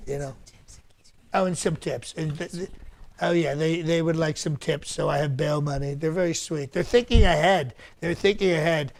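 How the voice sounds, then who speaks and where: A man's voice: on the high side, gravelly. A man impersonating a bragging older politician. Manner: bragging, repetitive, rambling asides. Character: boastful rambling older male politician. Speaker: comedian doing an impression. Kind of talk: live-stream comedy press conference.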